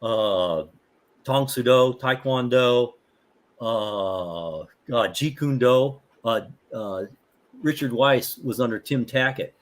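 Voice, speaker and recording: An older man, a martial arts instructor, chatting as a guest in a rambling, animated way with many fillers and restarts. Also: medium pitch, slow. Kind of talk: casual storytelling.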